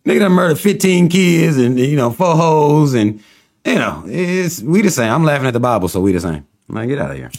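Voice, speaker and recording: A man's voice: a little high, expressive, moderate pace, a little mellow. A man hosting a casual livestream, talking to viewers and reading their comments, often breaking into laughter and teasing in a loose, rambling way.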